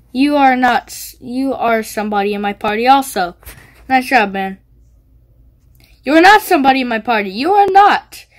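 A woman giving goofy, teasing gameplay commentary, yelping and squealing when she gets hit. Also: high-pitched. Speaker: gaming video creator.

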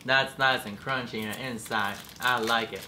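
A man co-hosting a casual home vlog, chiming in with quick, teasing reactions. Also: mid-range voice, fairly even intonation. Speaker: vlog co-host. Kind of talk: casual chat. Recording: noisy home recording.

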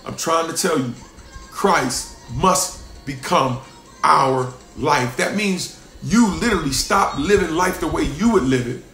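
A man preaching as a pastor, emphatic, repeating lines for stress and swinging between loud bursts and hushed asides. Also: on the high side, echoey room. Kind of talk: sermon.

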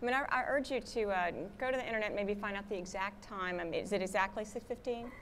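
A woman from Massachusetts, an astronaut guest, chatting with an audience in a lively way and telling anecdotes. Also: mid-range voice, fast, slight background noise. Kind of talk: public talk answering audience questions. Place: museum auditorium.

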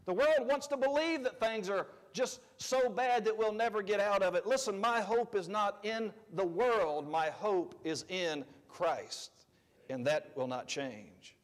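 A man preaching a sermon as pastor, conversational, swinging between loud emphatic lines and quiet asides. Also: high-pitched, unhurried, in a large hall. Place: church sanctuary.

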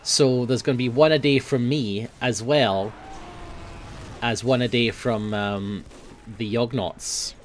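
A young man giving casual gameplay commentary, swearing often and grumbling at his team, quick to flare up. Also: mid-range voice, steady tone, a little hiss or hum. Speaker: gaming video host.

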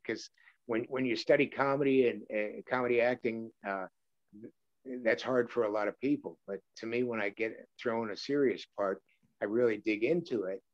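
A man's voice: mid-range voice, moderate pace, no echo, dull audio. A male voice actor from Brooklyn, New York, telling rambling stories with chuckles and many fillers in a casual interview. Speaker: voice actor guest.

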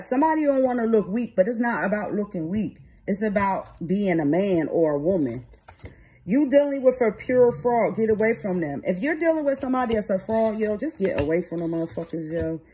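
A woman doing a tarot reading with blunt, streetwise talk and frequent swearing, her pace uneven between slow phrases and quick bursts. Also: medium pitch, lively intonation, mellow, husky. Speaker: tarot reader. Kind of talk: tarot reading and card commentary.

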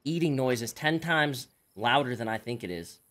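A man's voice: mid-range voice, expressive, normal speed, a bit bright. A man streaming a survival game, chatting casually with teammates in profane, exasperated bursts. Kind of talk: casual gaming chat with teammates.

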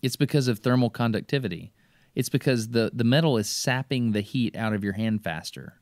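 A man, an excitable podcast host eagerly explaining things in casual chat. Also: medium pitch, fairly quick.

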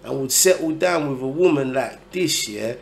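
A man's voice: mid-range voice, expressive, moderate pace, vocal fry. A man giving blunt, profane, exasperated reaction commentary on a video.

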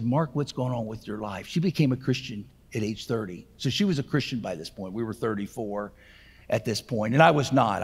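A man in his sixties recounts his own story as a keynote speaker. His husky voice sits at an ordinary pitch, and he is earnest and conversational, with fillers here and there. The speech carries a long reverb from a large hall. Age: 60s. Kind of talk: personal testimony storytelling.

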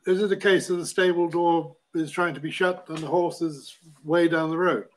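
A man chairs an online discussion and puts questions to a guest. His voice sits high, with little rise and fall. He stumbles and repeats words as he frames each question. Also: fairly even intonation, moderate pace, rough recording. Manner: questioning, hesitant.

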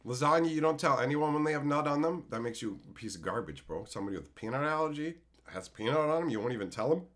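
A man's voice: medium pitch, lively intonation, quick pace. A man streaming casually, chatting with his live viewers in a rowdy, swearing way, laughing often and calling them bro and son. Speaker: streamer reading live chat. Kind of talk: casual profane stream chat.

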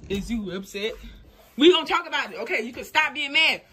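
A young woman vlogging casually to camera, excitable and slangy, often exclaiming in frustration. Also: high voice, a little fast. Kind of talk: casual prank vlog talk to camera.

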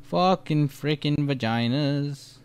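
A man's voice: on the high side, takes it slowly, darkish tone, clean tone, no room sound. A young man giving casual let's-play commentary, jumpy and profane, rambling through his reactions. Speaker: gamer.

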